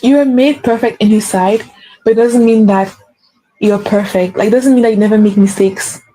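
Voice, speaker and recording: A woman's voice: mid-range voice, steady tone, normal speed, dark tone, poor audio. A woman giving an earnest spiritual pep talk as a faith coach, repeating key phrases for emphasis.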